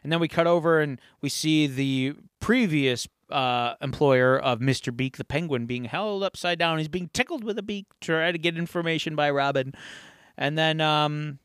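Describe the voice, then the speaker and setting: A man co-hosting a podcast, his voice smooth and fairly high for a man. He rambles through a story with lively energy. The sound is close and dry. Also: normal speed, dry recording. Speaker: podcast co-host. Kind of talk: casual chat, retelling an episode.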